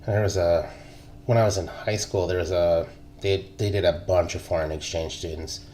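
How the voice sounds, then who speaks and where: A man in his thirties with a very low voice spins loose, swear-laden stories from his army days. He talks in an easygoing, laughing way, with a faint hum running under the recording. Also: fairly even intonation, normal speed, warm tone. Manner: laid-back, profane, laughs through stories. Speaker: podcast co-host, army veteran. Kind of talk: casual chat, storytelling.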